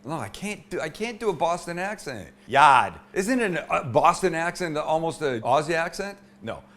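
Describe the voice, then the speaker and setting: A man's voice: a little high, expressive, moderate pace, fairly bright tone, slight background noise. A man hosting a cooking show from his indoor home kitchen, chatty and irreverent as he demonstrates a recipe.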